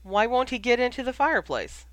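A cheeky, mischievous teenage boy, as an audiobook reader puts him on. He teases and laughs at others. The voice is mid-pitched and dry. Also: normal speed, sharp tone, no room sound, lightly acted. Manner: teasing. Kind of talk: audiobook character voice.

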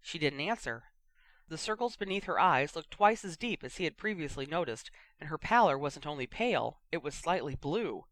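An audiobook narrator giving a steady, expressive reading of a fiction story. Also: medium pitch, moderate pace.

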